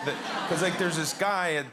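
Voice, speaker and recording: A man's voice: high-pitched, normal speed, noisy background. A man, a talk show guest, telling a casual anecdote with a laughing, rambling manner.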